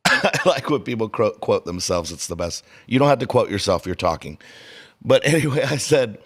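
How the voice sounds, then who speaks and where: A man co-hosting a podcast in casual chat, telling stories animatedly, with his pitch rising and dropping sharply. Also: normal speed, husky. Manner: animated storyteller, swinging pitch. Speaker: podcast co-host.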